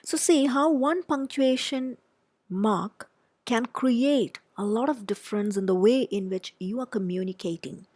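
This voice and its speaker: A woman's voice: fairly high pitch, measured pace, darkish tone, no echo. Patient woman with an Indian English accent. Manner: patient, explanatory, reads example sentences aloud with emphasis. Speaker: lecturer. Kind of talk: explaining examples in a recorded lecture.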